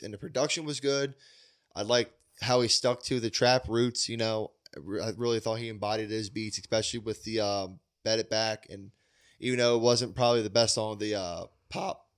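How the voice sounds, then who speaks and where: A man's voice: medium pitch, clean tone. A man co-hosting a podcast, reviewing an album in casual chat, rambling enthusiastically with lots of fillers. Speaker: podcast co-host.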